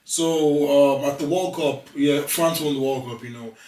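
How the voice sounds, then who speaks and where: Animated young man telling a story. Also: a little high, measured pace. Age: young adult. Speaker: guest. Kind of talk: casual chat. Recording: echoey room, mic at a distance.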